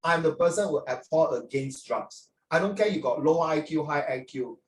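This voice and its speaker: A man's voice: a little high, expressive, normal speed. An older man with a Singaporean accent, a teacher lecturing a class in a chatty way, dropping local particles as he talks. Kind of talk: classroom talk to students. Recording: roomy echo, from far off.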